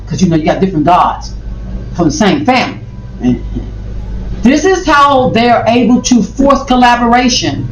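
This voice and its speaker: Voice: mid-range voice, dull audio. Reaction commentator: rambling, emphatic, repeats lines for effect; mic set back in an echoey room. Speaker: video commentator. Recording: roomy, distant mic, faint noise.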